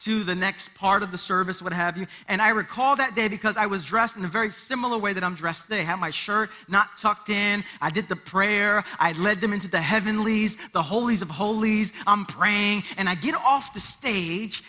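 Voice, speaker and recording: A man's voice: sits high, normal speed, few pauses. A man in his thirties preaching a sermon in church, telling family stories and acting out the voices. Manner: animated storytelling, acting out voices and cries. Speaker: pastor.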